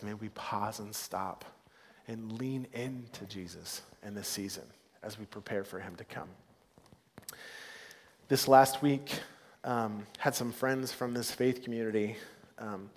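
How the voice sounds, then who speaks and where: A man preaching as pastor in a church, earnest and heartfelt. He drops to hushed, soft stretches and rises to loud, upbeat ones. His mid-pitched voice rings with a long hall reverb. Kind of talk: sermon. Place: church sanctuary.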